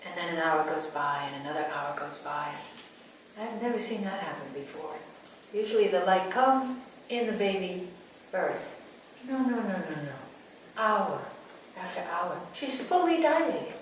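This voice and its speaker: A midwife telling a story to a live audience, speaking slowly and intimately, often sinking to near whispers. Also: female voice, lowish voice, animated. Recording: echoey room, distant mic, ambient noise.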